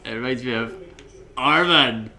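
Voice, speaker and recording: A man's voice: medium pitch, a little slow, sharp tone. A young man with a Scottish accent, bantering and teasing in casual gaming commentary, swearing a lot. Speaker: let's play co-host.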